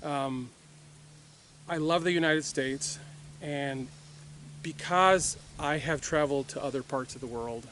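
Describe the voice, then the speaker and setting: A man's voice: a little high, slow, long pauses, a bit bright, slight background noise. Reflective middle-aged man telling a story. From Puerto Rico. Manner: rambling, reflective, with many fillers and restarts. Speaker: firearms training company owner. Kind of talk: casual storytelling to camera.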